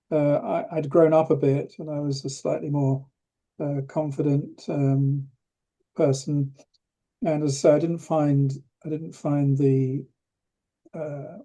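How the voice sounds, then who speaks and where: An older Englishman with a warm voice on the high side tells a story as an interview guest. He's a retired professor of rheumatology, reflective and hesitant, restarting often and showing a dry humor.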